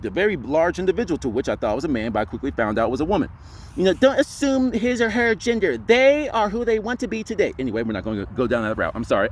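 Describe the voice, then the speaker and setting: A man's voice: mid-range voice, a little hiss or hum. A young man telling a personal story in a casual vlog, rambling with lots of fillers. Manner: rambling, heavy on fillers like "you know". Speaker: spiritual vlogger.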